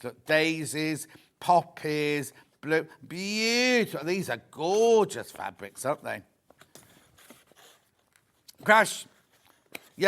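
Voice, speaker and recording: A British man presenting on a live TV shopping channel, chatty and excitable, repeating prices and bantering with the studio crew. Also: a little high, a little hiss or hum.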